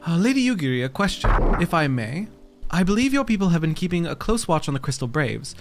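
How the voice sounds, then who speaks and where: A man's voice: fairly high pitch, big pitch swings, fast talker, music in the background. A man reading aloud the lines of an earnest young male noble commander in a fantasy game, with formal old-fashioned phrasing.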